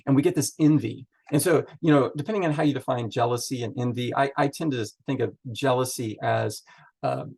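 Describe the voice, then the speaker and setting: A man's voice: medium pitch, darkish tone, husky. A man leading a Bible study, chatting through the text in a loose, thinking-aloud way with many fillers. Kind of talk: casual Bible teaching.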